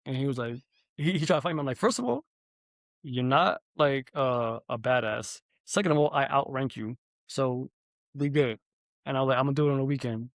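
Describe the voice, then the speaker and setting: A young man hosting a podcast, telling an animated, profanity-heavy story in casual chat. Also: mid-range voice, fairly quick, no echo. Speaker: podcast host.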